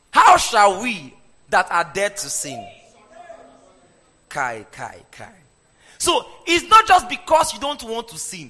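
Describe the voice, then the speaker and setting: A man preaching a sermon and having the congregation repeat his lines back to him. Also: high voice. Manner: animated preaching, leads the congregation in call-and-response. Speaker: pastor. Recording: echoey hall with long reverb.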